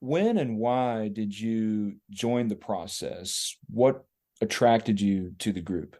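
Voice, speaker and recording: A man hosting an interview, asking plain, measured questions. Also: fairly low pitch, dark tone. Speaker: interviewer and host.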